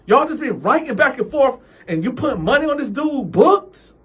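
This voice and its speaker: A man's voice: very high-pitched, very animated, moderate pace, slightly rough, voice pushed up, full character voice. A man doing a fed-up young man, cussing. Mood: exasperated. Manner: exasperated, cussing, pleading.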